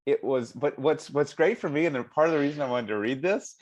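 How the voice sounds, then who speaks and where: A man's voice: fairly high pitch, brisk, darkish tone, highs cut off. A man hosting a medical podcast, chatting casually and reading a listener's email aloud with frequent laughs. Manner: chatty and amused, laughs often. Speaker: hand surgeon podcast host.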